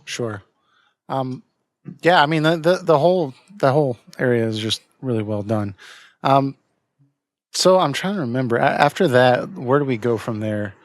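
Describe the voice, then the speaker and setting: Male podcast co-host, casual halting delivery, dry close sound. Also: mid-range voice, expressive, dry recording. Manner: hesitant, many fillers and restarts. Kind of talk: casual game discussion.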